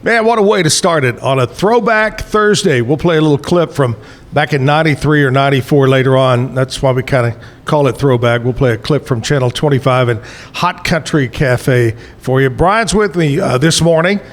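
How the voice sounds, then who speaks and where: A man's voice: medium pitch, normal speed. A man hosting a casual morning show, chatting and joking easily with a guest at a bar venue. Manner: joking, easygoing banter. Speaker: radio show host. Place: bar and grill stage.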